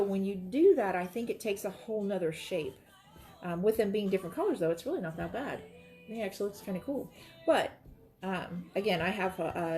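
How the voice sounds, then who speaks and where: A woman's voice: mid-range voice, a little mellow. A woman, chatting and rambling to viewers while she demonstrates quilting, talking straight to her audience. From Florida. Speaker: quilting livestream host.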